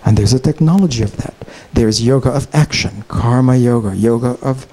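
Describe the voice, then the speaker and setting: A man giving a conference keynote lecture, telling a story in an animated, digressive way. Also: medium pitch, moderate pace, low-quality recording. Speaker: keynote speaker. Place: conference hall, Chicago.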